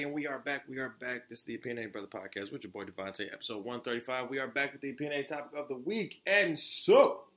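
A man's voice: medium pitch, fairly bright tone. A young man hosting his own podcast, talking bluntly and with lots of profanity, often restarting his sentences. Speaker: podcast host. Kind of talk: opinionated solo podcast talk.

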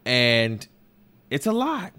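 A man's voice: mid-range voice, huge pitch swings, slow, bright, forceful tone. A young man hosting a podcast, speaking candidly and emotionally in a personal monologue, swearing often and circling back on his words. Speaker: podcast host. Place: New York.

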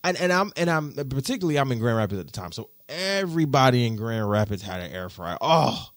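A man hosting a podcast, telling stories in casual slang with big swings in pitch and loudness. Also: big pitch swings, fast talker, no room sound, studio quality. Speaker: podcast host.

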